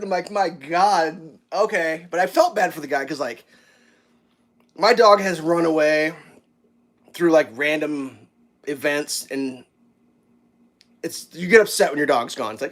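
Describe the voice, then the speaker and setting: A man's voice: a little high, moderate pace. A young man casually telling a story while cooking breakfast, acting out the voices of the people in it. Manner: animated, acts out quoted voices. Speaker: vlogger.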